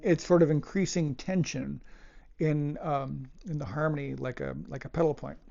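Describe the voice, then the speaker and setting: A man's voice: a little high, fairly even intonation, moderate pace, vocal fry. A man giving a casual cello lesson, talking in a thoughtful, hesitant way with fillers and restarts. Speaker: cello teacher. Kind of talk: casual music lesson talk. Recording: dull lo-fi audio with loud cello playing. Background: loud cello music.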